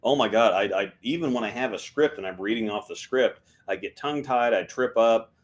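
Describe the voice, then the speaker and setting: A man's voice: fairly low pitch, brisk. A man co-hosting a casual bowling podcast, rambling and self-deprecating, with frequent restarts. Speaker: podcast co-host. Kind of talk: casual chat.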